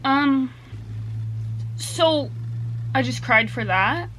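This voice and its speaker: Young woman book vlogger, high voice, unhurried talk, gushing emotional reactions, faint hiss behind. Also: lively intonation, a bit bright. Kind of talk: casual reading vlog chat.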